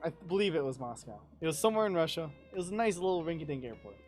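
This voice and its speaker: Profane, animated young man telling a story. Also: on the high side, rapid-fire, soft background music. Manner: profane, animated, laughs through his story. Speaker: podcast guest storyteller. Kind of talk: casual storytelling chat.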